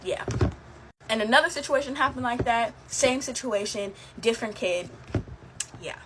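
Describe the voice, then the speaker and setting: A woman's voice: on the high side, expressive, normal speed, noisy background. A young woman telling her own eerie stories in a casual, chatty way, with many fillers and laughs. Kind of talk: casual storytelling to camera.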